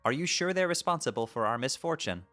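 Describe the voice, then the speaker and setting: A man voicing a composed young female troll who speaks in a measured, slightly formal way. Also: medium pitch, animated, pushed and bright, faint music behind, voice pushed up.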